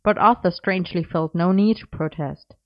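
Female story narrator, low voice, measured; dull lo-fi recording. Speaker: audiobook narrator.

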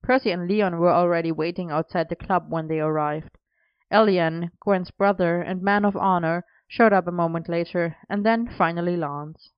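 A woman narrating a story aloud in a steady, even reading voice. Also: lowish voice, moderate pace, clean tone, no room sound, highs cut off.

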